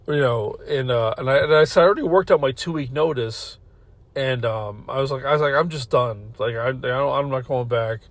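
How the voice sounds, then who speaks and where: A man's voice: medium pitch, no room sound. A man hosting a podcast, telling a long personal story in a rambling, profane way, often restarting sentences. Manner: rambling, profane, self-interrupting, laughs while telling. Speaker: podcast host. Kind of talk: casual storytelling.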